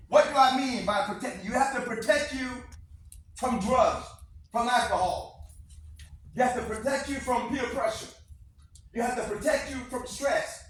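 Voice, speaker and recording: A man with a high voice delivers a motivational talk to students, driving home each point with repetition and call-and-response. He is caught from a distance in a strongly echoing classroom, with a faint hiss of noise underneath. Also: normal speed, a bit bright. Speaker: motivational speaker. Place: school classroom.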